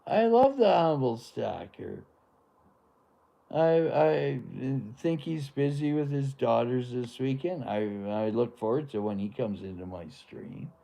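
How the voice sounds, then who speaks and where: A man's voice: mid-range voice, animated, measured pace, creaky, dark tone. A man hosting a live stream, talking in a rambling, laid-back way with lots of fillers. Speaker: livestream host. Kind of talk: casual live-stream chat.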